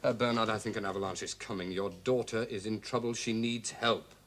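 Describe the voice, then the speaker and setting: An actor playing an unflappable gentleman detective, cool and dryly ironic, probing with questions in a 1970s TV crime drama. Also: fairly low pitch, steady tone, brisk, a little hiss or hum, natural voice. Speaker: amateur detective.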